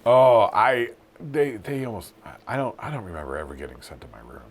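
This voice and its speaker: A Generation X man in his forties or fifties co-hosting a casual podcast, with a mid-pitched voice whose pitch swings enormously. He talks emphatically, piles on words like "honestly, literally" and swears freely. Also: very animated, brisk. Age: 40s or 50s. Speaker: podcast co-host. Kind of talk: casual chat.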